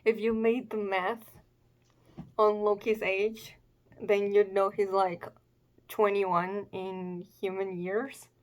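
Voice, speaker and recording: A woman's voice: mid-range voice, flat delivery, takes it slowly. A chatty woman talking through her reaction to a manga chapter in a mid-range voice. She muses aloud, circles back on herself and leans on fillers as she works through her thoughts. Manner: chatty, musing, filler-heavy. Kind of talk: casual reaction commentary.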